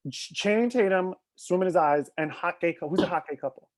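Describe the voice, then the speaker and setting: A man chatting on a casual live stream, telling gossipy stories and laughing often. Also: sits high. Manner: gossipy, quick storytelling with bursts of laughter. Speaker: guest.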